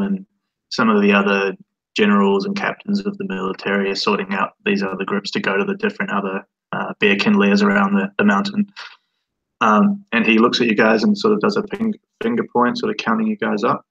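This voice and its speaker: Gravelly, husky game master. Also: male voice, fairly low pitch, a bit bright, dull audio. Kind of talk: narrating a tabletop game.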